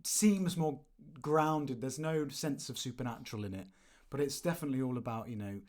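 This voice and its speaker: Speaking at a moderate pace in a darkish, mid-range voice, an English Midlands co-host chats casually about films on a podcast. His talk is rambling and hesitant, peppered with fillers and restarts.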